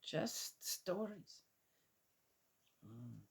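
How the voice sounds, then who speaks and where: A woman's voice: fairly low pitch, very animated, extremely slow, creaky, slight background noise. A woman reading a Bible passage aloud and commenting on it in a casual, skeptical way, asking many rhetorical questions.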